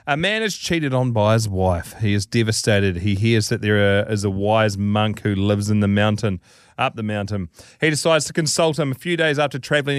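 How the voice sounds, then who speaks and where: A man's voice: mid-range voice, clear, resonant tone, no echo, studio quality. A man co-hosting a casual podcast, reading jokes aloud and doing voices for the characters. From New Zealand. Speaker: podcast co-host.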